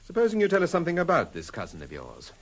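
An actor playing a calm, questioning amateur detective in an old radio drama. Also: male voice, on the high side. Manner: brisk, questioning, assured. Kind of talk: 1950s radio drama acting.

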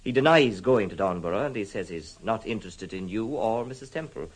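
An actor playing an anxious, formal gentleman worried about his look-alike cousin, in an old radio drama. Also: lowish voice, animated, brisk, breathy edge, rough recording. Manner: hesitant, earnest, formal. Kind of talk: 1950s radio drama acting.

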